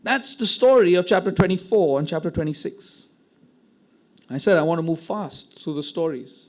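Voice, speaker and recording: A man preaching a sermon, retelling a story with animated acted-out quotes and frequent word restarts. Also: high voice. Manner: repeats words when restarting. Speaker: pastor.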